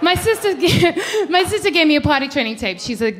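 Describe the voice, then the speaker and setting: Brash high-voiced woman doing stand-up. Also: normal speed, a little hiss or hum. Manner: brash, animated, acts out loud quoted voices. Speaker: stand-up comedian. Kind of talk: stand-up comedy set. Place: comedy club stage.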